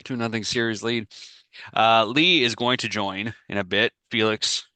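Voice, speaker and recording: A man with a bright, forceful voice chats on a podcast, rambling through an anecdote and breaking into laughter. He sounds close and dry over his video-call mic, with no room sound around him. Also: on the low side, fairly even intonation, dry recording. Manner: rambling storytelling, quick to laugh. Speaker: podcast co-host. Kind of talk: casual podcast chat.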